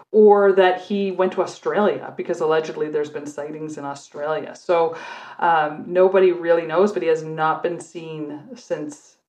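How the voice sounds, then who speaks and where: A middle-aged woman from Canada, a former police officer, telling her stories in a relaxed, chatty way on a podcast. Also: deep voice. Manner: chatty storyteller, talks readily at length. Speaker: guest, former undercover cop and prosecutor. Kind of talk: casual podcast chat. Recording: muffled lo-fi audio.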